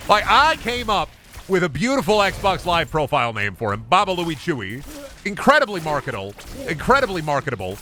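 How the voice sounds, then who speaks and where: Young male streamer, goofy riffing commentary, bright and swooping delivery. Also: a little high, fairly quick, slight background noise. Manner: goofy, animated, jumps into bits and voices. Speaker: gaming streamer. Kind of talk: casual live-stream commentary.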